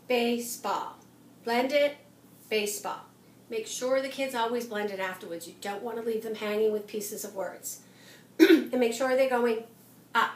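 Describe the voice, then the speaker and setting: A woman teacher explaining a classroom method in a clear, patient way, speaking at times as if to young children. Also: fairly high pitch, slight background noise. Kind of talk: teaching demonstration to the camera. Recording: echoey room from a distance.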